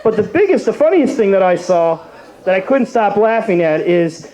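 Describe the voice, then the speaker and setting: A man's voice: high-pitched, big pitch swings, normal speed, a little mellow, poor audio. A young man from Cleveland doing a rambling open mic stand-up set, full of fillers and restarts. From Cleveland, Ohio.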